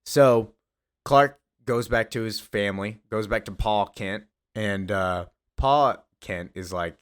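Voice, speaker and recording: A man's voice: on the low side, slow pace, a bit bright, clean tone. A young man hosting a casual comic-book recap, chatty and loose, laughing as he goes. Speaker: comic video host.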